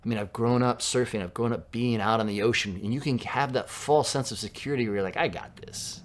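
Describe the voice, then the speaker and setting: A man from Southern California preaching a sermon in a conversational way, dropping to a hush for quoted lines. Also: mid-range voice, quick pace. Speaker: pastor.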